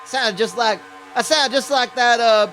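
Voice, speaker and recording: Rambling high-voiced male race commentator. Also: measured pace, pushed and bright, faint music behind. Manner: rambling, folksy, stumbling over words. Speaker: play-by-play commentator.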